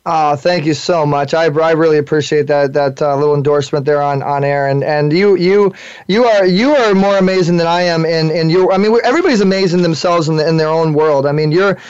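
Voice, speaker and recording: A young man hosting a radio talk show, gushing and excitable, often stumbling over his words. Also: fairly high pitch, a little fast, smooth, dull audio. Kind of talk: fast casual radio chat.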